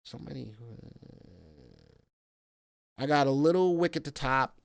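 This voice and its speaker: This stock market livestream host has a slightly high voice with vocal fry, speaking unhurriedly in a clean, echo-free recording. He's playful and talkative, reading viewer comments and chatting between chart discussion.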